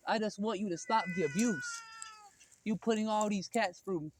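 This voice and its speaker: A man's voice: sits high, moderate pace, background noise. A man talking casually in a vlog, slangy and chatty, calling out to a cat in a backyard. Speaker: vlogger. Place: outdoors in a backyard.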